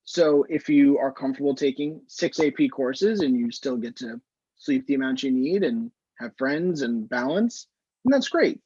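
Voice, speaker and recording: A man, an anesthesiologist, giving measured, explanatory advice to students in a casual online Q&A over a video call. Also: medium pitch, a little mellow, breathy edge, dry recording. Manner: measured, explanatory, frequent "standpoint" phrasing. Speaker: anesthesiologist answering student questions. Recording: muffled, slightly lo-fi video call audio.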